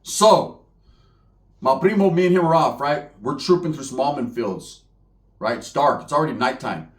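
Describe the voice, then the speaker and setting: A man's voice: fairly high pitch, moderate pace, reverberant. Profane streetwise man telling a story. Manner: profane, streetwise slang, acts out the people in his story. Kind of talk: casual comedic storytelling.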